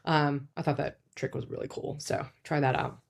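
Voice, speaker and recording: This woman's voice is notably low and carries vocal fry as she offers advice at a moderate pace, much like a relaxed psychologist. The talk is chatty and educational, peppered with fillers and side remarks, with abrupt pitch jumps whenever she slips into quoted speech.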